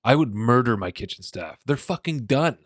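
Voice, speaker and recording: Wisecracking male co-host with a lively voice. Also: medium pitch, moderate pace, dry recording, clean studio sound. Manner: blunt, profane wisecracks. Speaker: podcast co-host. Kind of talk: casual chat.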